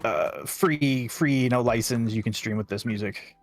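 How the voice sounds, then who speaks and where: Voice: mid-range voice, unhurried, soft background music. A fellow player chatting casually during a game stream, hesitant and full of fillers. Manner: hesitant, many fillers, trailing off. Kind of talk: casual chat while playing a game.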